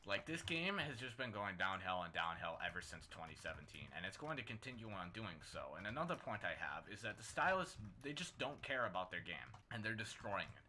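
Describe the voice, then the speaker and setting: A man's voice: fairly low pitch, sing-song, brisk, hardly any pauses, pushed and bright, slight background noise. A man delivering blunt, complaining commentary in a gaming video clip.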